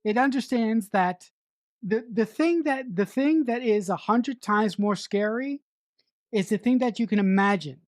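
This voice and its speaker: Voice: mid-range voice, unhurried, dry recording, clean studio sound. A middle-aged podcast co-host reviewing a film in casual chat, emphatic, repeating words for effect and swearing freely.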